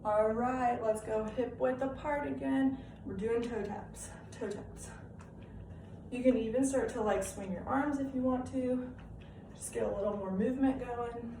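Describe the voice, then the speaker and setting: A woman's voice: fairly high pitch, steady tone, moderate pace. Young female fitness instructor, encouraging and chatty; echoey room, distant mic. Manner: upbeat, encouraging, checks in with "okay?". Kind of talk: live-style home workout instruction. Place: room at home. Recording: echoey room, off-mic, faint background hiss.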